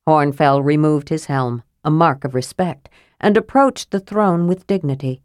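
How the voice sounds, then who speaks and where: A woman narrating a fantasy audiobook in a measured, steady reading. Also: low-pitched, no echo, clean studio sound.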